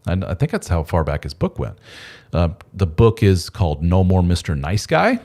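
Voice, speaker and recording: A man's voice: deep voice, sing-song, normal speed, a little mellow. A man hosting a casual live stream, talking in a loose, rambling and candid way with mild swearing. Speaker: host of a men's support channel.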